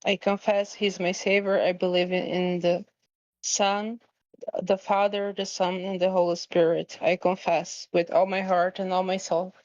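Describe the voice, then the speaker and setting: A woman calling in, hesitant and tearful, talking haltingly with many fillers and restarts. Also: lowish voice, little pitch movement, a little mellow, no room sound, muffled recording. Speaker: caller. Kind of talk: emotional call-in confession.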